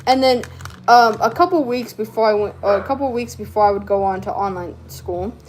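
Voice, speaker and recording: A woman's voice: medium pitch, fairly quick. A teenage girl telling a rambling, slangy story while crafting, with lots of fillers and laughs. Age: teens. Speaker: vlogger.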